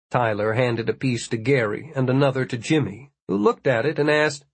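Narrating an audiobook, this man keeps an even, measured pace; his medium-pitched voice has a breathy edge and no echo.

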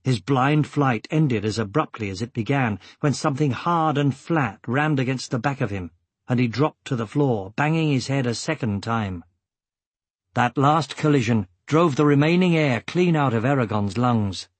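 Husky-voiced man narrating slowly. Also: mid-range voice, animated, no room sound. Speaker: audiobook narrator. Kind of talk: scripted narration.

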